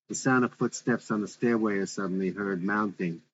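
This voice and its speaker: A man's voice: on the low side, brisk, few pauses, a bit bright, muffled recording. A man reading a script aloud with its stage directions, in a plain, matter-of-fact way.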